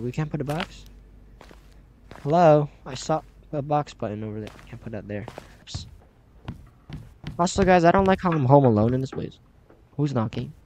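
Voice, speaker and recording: With a fairly high but dark-toned voice, a gaming channel host comments chattily through a horror game and reads its dialogue out loud. There's a little hiss or hum, and the slightly dull recording carries faint music.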